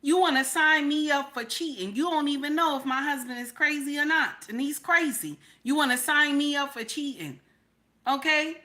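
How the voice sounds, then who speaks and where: Older woman, live-stream reaction host, sassy and emphatic, high bright voice. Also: moderate pace. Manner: sassy, repeats "okay?" often. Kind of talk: casual live-stream commentary.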